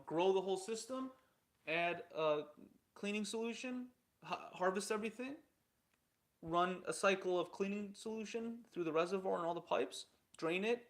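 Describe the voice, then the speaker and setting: A young man tells his story in a loose, casual way, with a high voice and a bright edge. He is blunt and exasperated, and he swears freely as he talks. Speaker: indoor farming founder telling his story.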